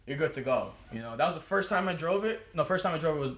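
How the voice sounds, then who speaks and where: A man's voice: on the high side, lively intonation, quick pace, a bit bright, a little hiss or hum. A man telling a rambling, profane story as a podcast guest, restarting his sentences often. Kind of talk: casual storytelling. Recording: roomy echo.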